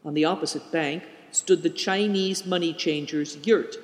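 Male narrator, audiobook, measured, high voice, echoey room with long reverb. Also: steady tone. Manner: measured storytelling.

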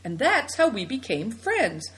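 A woman reading the part of an earnest young boy who asks quiet questions, in a storybook. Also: on the high side, sing-song, measured pace, husky, voice pushed up, heavily acted.

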